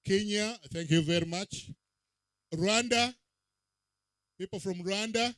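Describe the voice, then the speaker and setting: A man's voice: high voice, normal speed, no echo. A man emceeing a public event, calling names and countries with rising emphasis over a handheld mic. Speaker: master of ceremonies. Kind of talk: event emcee roll call.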